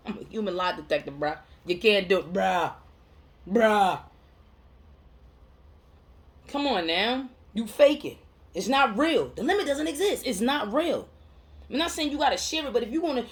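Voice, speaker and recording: Emphatic slangy woman venting to camera. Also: sits high. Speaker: mental health counselor. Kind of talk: heartfelt motivational monologue to camera.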